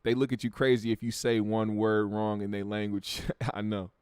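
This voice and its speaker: A man's voice: fairly low pitch, fairly even intonation, moderate pace, a little mellow, clean tone, dry recording. A man from the United States hosting a livestream, reading out viewer comments in a brash, profane, blunt way. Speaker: show host.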